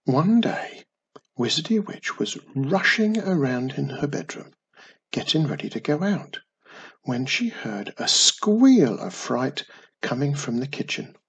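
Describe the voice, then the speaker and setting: A man narrating a children's storybook in a slow, husky, gravelly voice. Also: mid-range voice, big pitch swings, fairly bright tone.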